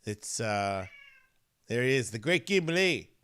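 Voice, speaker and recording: A man's voice: mid-range voice, very animated, slow pace, fairly bright tone, clean tone. A man hosting a podcast in casual chat, rambling and swearing, often losing his thread. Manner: rambling, distracted and profane, loses his thread. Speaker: podcast host.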